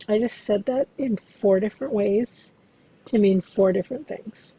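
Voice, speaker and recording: Woman lecturer, recorded class, mellow voice with some fry, steady explanatory delivery. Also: medium pitch, poor audio. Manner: explanatory, measured, addresses students directly. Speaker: interpreting instructor.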